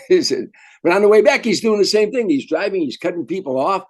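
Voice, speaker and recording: An older man, a veteran comedian, telling lively anecdotes in an interview and acting out the voices of people in his stories. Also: sits high, fairly quick. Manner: animated storyteller, acts out quotes. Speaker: guest comedian. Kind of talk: storytelling interview.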